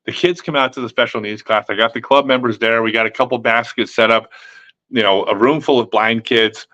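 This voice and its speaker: A man hosting a live stream, telling a story in an animated, casual way and acting out the people in it. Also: medium pitch, fairly quick, dull audio. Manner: animated, acts out quotes with laughs.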